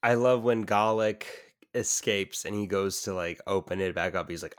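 Male podcast co-host, fairly low voice, dry close sound, rambling and loose with swearing. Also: steady tone, normal speed, hardly any pauses, a bit bright, no echo. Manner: rambling, swears casually, hesitant restarts. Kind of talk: casual movie discussion.

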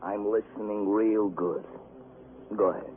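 A man's voice: fairly low pitch, steady tone, measured pace, lightly acted. An actor playing a paranoid, hungover male carnival roustabout jailed as a suspect, wheedling and then screaming in panic, in a 1950s radio drama. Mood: nervous. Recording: tinny old radio broadcast with hiss.

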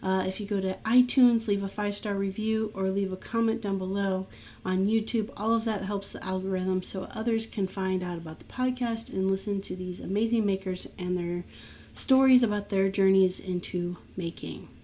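Woman podcast host doing her outro, chatty and upbeat, reads off links fast. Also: medium pitch, steady tone, warm tone. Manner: upbeat, laughs often, brisk sign-off plugs. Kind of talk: casual podcast chat and outro.

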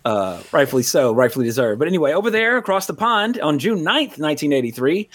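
A man hosting a podcast in casual chat, rambling and animated, swearing freely. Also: a little high, quick pace. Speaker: podcast host.

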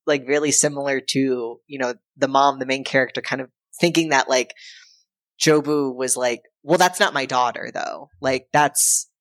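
A woman with a low voice, recorded with no room sound, co-hosts a podcast and casually recaps a film's plot in a loose, irreverent way. She's animated, briefly acting out characters' lines in quick put-on voices, and uses frequent fillers and profanity.

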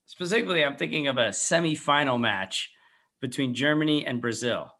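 A man's voice: mid-range voice, fairly quick, sharp tone. A man hosting a casual podcast chat, quizzing his co-hosts with a wry tone. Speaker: podcast host. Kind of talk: casual chat, quiz questions.

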